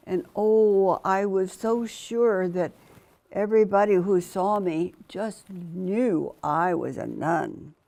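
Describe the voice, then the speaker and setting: An older woman telling her personal testimony as a lively storyteller, acting out the voices of the people she quotes and dropping to a hushed near-whisper at intimate moments. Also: mid-range voice, takes it slowly, creaky. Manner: animated, dramatic storyteller who acts out quoted voices.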